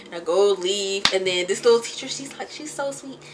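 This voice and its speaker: Against a noisy background, a young woman speaks briskly at medium pitch while applying makeup at home. The beauty vlogger spins chatty, wandering stories punctuated by laughs.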